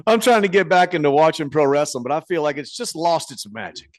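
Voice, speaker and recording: Laughing fast-talking man podcast host. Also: a little high, dry recording, studio quality. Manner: laughs often, stumbling restarts. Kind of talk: casual podcast chat, reading listener emails.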